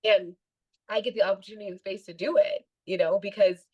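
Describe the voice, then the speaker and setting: A woman's voice: medium pitch, fairly even intonation, a little fast, a little mellow, muffled recording. A woman guesting on a podcast, telling stories in a chatty, casual way and laughing often. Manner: chatty storytelling with frequent laughter. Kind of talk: casual interview chat.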